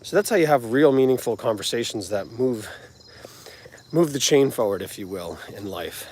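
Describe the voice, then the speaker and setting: A man's voice: medium pitch, animated, normal speed, a little mellow, a little hiss or hum. An earnest man with a New Jersey accent speaks in a mid-range voice, wandering off on tangents as he gives a live talk. He is outdoors, with faint crickets and insects in the background. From New Jersey, United States. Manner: rambling, earnest, conversational. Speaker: music channel host. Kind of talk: live-streamed motivational talk.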